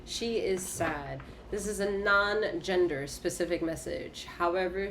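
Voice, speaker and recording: A woman's voice: lowish voice, a little slow, few pauses, fairly bright tone, slight background noise. A woman giving a casual spoken tarot reading, talking emphatically and profanely, repeating short phrases for punch. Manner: emphatic, repetitive, profane, punctuated by laughter. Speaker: tarot reader.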